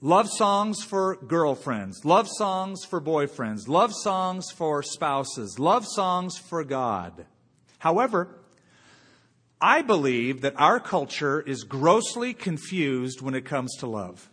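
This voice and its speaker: A man's voice: on the high side, big pitch swings, fairly bright tone, slightly rough. Preaching man in a reverberant church. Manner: conversational preaching with slow dramatic pauses. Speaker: pastor. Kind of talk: sermon.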